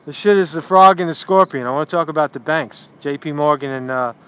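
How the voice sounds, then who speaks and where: A man hosting a casual livestream vlog outdoors in a city park, who talks in a rambling, profane, animated way into a handheld phone. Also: fairly high pitch, a little fast, clear, resonant tone. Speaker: street reporter and livestream host.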